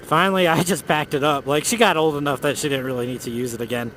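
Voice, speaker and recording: Guy on a motorcycle telling ghost stories, kinda high voice, swears a lot, faint road hiss behind. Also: fast talker. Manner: loose, profane, animated storytelling. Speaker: motovlogger. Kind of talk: casual storytelling while riding. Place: outdoors on a motorcycle on city roads.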